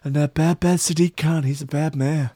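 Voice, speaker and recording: A man's voice: on the high side, steady tone, normal speed, mellow, husky, no echo, pitched above the performer's own voice. A man putting on a comedic impression of a boastful older male politician who repeats himself over and over. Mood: ranting. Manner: repeats words over and over, swaggering and exaggerated.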